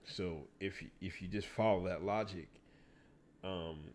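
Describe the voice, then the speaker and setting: A man's voice: sits low, steady tone, slow pace, a little mellow. A man hosting a casual livestream, ranting and talking back to his chat with lots of profanity. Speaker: livestream host.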